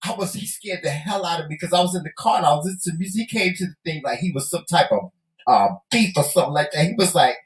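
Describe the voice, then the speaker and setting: A man co-hosting a casual talk show, telling stories in an animated, teasing way and laughing often. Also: fairly high pitch, quick pace, roomy sound, poor audio. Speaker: co-host. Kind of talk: casual chat.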